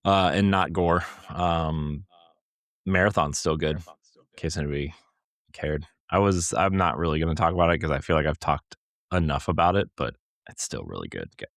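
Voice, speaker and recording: Deep-voiced rambling podcast co-host man. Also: moderate pace, gravelly, no echo, studio quality. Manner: rambling, animated, full of fillers. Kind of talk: casual chat.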